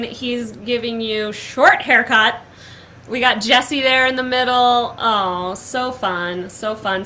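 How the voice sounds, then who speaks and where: A woman's voice: fairly high pitch, bright, forceful tone, a little hiss or hum, poor audio. A young woman hosting a casual online show, gushing and upbeat, with lots of filler words. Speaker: host. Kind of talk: casual chat.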